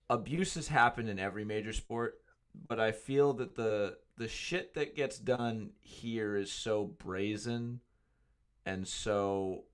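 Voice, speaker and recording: Man, low voice, podcast co-host, halting measured talk, restarts. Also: fairly bright tone, smooth. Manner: halting, searching for words, measured.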